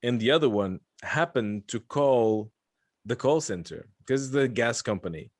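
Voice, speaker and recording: A man's voice: medium pitch, animated, normal speed, no room sound. A man from Lithuania hosting a podcast, chatting casually and joking, rambling with frequent restarts. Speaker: podcast host. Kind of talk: casual chat.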